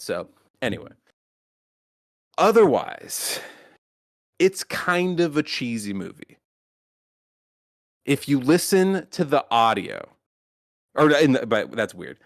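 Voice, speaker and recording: A man's voice: mid-range voice, sing-song, moderate pace, pauses often, no room sound, studio quality. A man hosting a podcast in casual chat, rambling and swearing, with many restarts. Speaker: podcast host.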